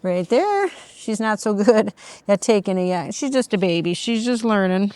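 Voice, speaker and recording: A middle-aged woman walking outdoors, calmly explaining how she trains her puppy and breaking into high, sing-song praise calls to the dog. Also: moderate pace, no echo. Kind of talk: casual training vlog narration. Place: outdoors on a neighborhood walk.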